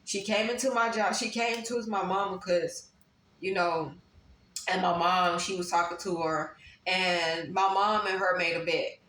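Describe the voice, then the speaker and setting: A woman's voice: on the low side, steady tone, measured pace, a bit bright. Woman giving an emphatic tarot reading. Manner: emphatic, repeats phrases for stress. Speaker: tarot reader. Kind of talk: casual tarot reading to viewers. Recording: roomy echo, faint background noise.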